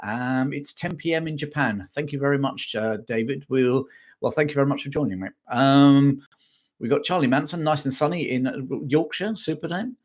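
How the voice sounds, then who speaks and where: A man's voice: medium pitch, normal speed. A man hosting a live history chat stream, reading out viewer comments in a chatty way, with many ums and restarts.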